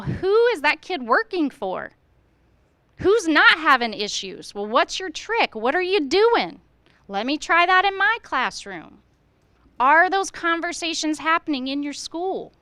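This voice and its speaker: Woman, middle-aged, school administrator, staff meeting talk, earnest, rhetorical questions, high voice, dry sound. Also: big pitch swings, normal speed, pushed and bright, no echo. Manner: earnest, rhetorical questions, acts out teacher dialogue. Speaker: school administrator speaking to educators.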